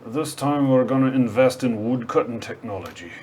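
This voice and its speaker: A man at a game table voicing a gruff, proud clansman. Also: medium pitch, animated, normal speed, noisy background, lightly acted. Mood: grumbling. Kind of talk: in-character banter at a board game table.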